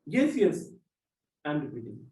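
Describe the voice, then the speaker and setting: A man's voice: on the high side, wildly swooping pitch, a little slow, a little mellow. A man teaching a class, explaining step by step and spelling out letters one at a time. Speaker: French teacher. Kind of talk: classroom lesson. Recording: roomy echo, mic at a distance.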